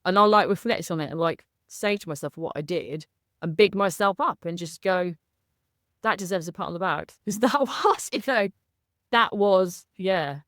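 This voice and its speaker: A woman's voice: lowish voice, normal speed, fairly bright tone, no room sound, studio quality. A woman speaking as a guest in a candid interview, effusive and emotional, laughing often. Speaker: coaching client, guest.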